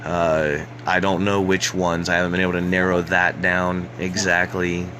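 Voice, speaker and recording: Deep-voiced man ranting sarcastically. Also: monotone, noisy background. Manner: sarcastic, mocking, halting restarts. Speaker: host of a political rant show. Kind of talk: live-stream rant.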